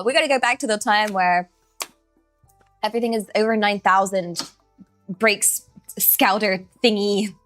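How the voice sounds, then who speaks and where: A woman's voice: mid-range voice, no room sound. A woman streamer chatting casually at her setup, giggly, scattered and self-deprecating, often restarting her sentences. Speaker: streamer, virtual avatar host. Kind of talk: casual live-stream chat.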